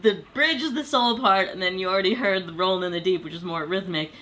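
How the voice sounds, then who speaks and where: A woman's voice: mid-range voice, fast, noisy background. A woman hosting a music video, talking through a song arrangement in a casual, playful way and jumping from idea to idea. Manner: chatty, playful, jumps between ideas. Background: music playing under the voice.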